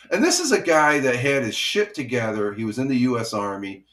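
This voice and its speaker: A man's voice: mid-range voice, very animated, moderate pace, a bit bright. A middle-aged man hosting a casual morning chat stream, rambling with many restarts and greeting viewers by name. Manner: rambling, restarts a lot, chuckles. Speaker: live stream host.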